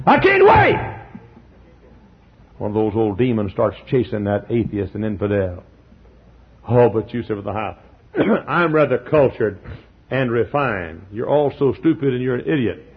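A man preaching a fiery revival sermon, swinging from hushed passages to shouting and often clearing his throat. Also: medium pitch, dull audio.

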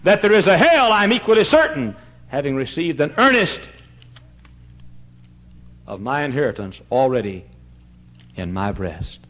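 A man, a pastor, preaching a fiery sermon in a church, shouting one moment and dropping to a hush the next. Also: fairly high pitch, very animated, unhurried, long pauses. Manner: fiery preaching, swings from shouts to hushed tones. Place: church sanctuary. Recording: dull lo-fi recording.

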